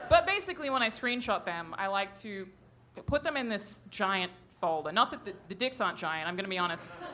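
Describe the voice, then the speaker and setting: Over a noisy background, a woman with a medium-pitched voice performs stand-up into a handheld mic before a live audience. She is brash and profane and laughs at her own jokes.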